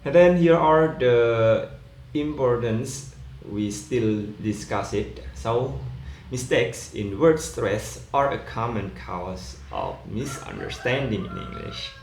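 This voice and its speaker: A man teaching English word stress in a slow, explanatory lecture, often adding "yeah". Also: mid-range voice, lively intonation, darkish tone. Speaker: pronunciation teacher. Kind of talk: recorded lecture. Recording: echoey room, faint ambient noise.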